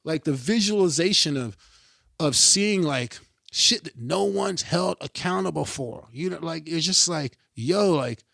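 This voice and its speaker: A middle-aged man talking casually as a podcast guest, emphatic and animated, swearing freely and often checking in with his listener. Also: a little high, measured pace, vocal fry, no room sound, clean studio sound. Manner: animated, emphatic, swears freely, keeps asking "you know what I mean". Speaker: podcast guest, pro skateboarder. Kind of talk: casual interview chat.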